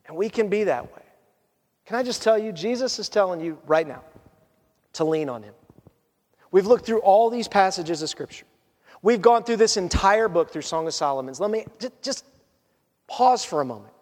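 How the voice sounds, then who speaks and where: A man preaching a sermon as a pastor, animated and conversational. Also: high-pitched, normal speed, big-room sound.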